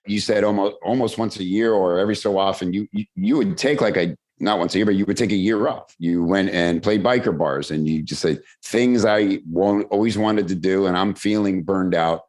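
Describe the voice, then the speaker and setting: A man hosting a casual interview podcast, relaxed and friendly, prompting his guest with short affirmations and easy questions. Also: deep voice. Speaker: podcast host.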